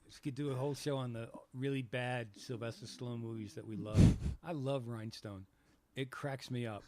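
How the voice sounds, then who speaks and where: A man chatting about films on a podcast, quick with a wisecrack and a joking aside. His voice is mid-pitched and ordinary, with a relaxed conversational delivery. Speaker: podcast co-host. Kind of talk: casual movie review chat.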